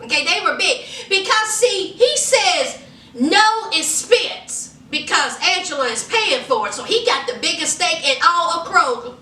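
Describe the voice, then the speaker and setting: Woman, sassy recap chatter, very high bright voice, echoey room, mic a bit far off. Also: a little slow. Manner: sassy, animated, acts out quotes. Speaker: reality show reviewer. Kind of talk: casual commentary.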